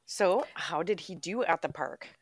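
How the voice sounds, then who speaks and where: A woman co-hosting a casual podcast, her voice husky from a cold, playful and quick to laugh. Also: lowish voice, no echo, clean studio sound. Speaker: podcast co-host. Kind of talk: casual chat.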